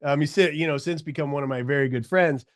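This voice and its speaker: Middle-aged male podcast guest, lively storyteller, slightly higher voice, dry close mic. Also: fast talker, no room sound. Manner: animated storyteller, acts out quoted voices.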